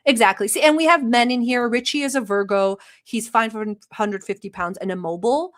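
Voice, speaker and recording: A woman's voice: a little high, brisk. A young woman hosting a livestream, talking in a sarcastic, rambling, mock-earnest way with lots of fillers. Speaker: livestream host. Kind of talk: satirical livestream chat.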